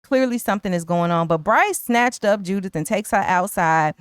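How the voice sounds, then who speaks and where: Smooth, chatty woman recapping a movie. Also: medium pitch, moderate pace, dry recording, clean studio sound. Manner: animated, acts out characters' lines in quotes; chatty, slangy. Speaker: co-host.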